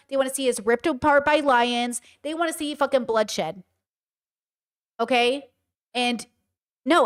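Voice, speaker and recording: A woman livestreaming, telling stories and giving commentary in an emphatic, animated and blunt way, with frequent swearing. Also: a little high. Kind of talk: casual livestream storytelling and commentary.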